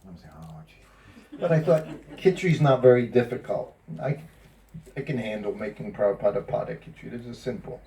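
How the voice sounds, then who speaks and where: Recorded from afar on a phone or camera, a man who once worked as a personal servant recalls old times for a small group. At a moderate pace and in a mid-range voice, he laughs a lot and acts out what others said in lively asides.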